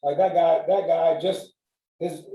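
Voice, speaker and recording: A man in casual podcast chat, telling stories in a profane, animated way. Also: a little high, a little slow. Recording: roomy sound, mic at a distance.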